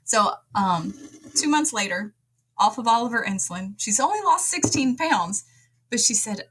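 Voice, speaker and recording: Woman, nurse practitioner guest, husky voice, animated storyteller. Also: on the high side, moderate pace, rough recording. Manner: animated, acts out quoted dialogue. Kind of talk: conversational storytelling.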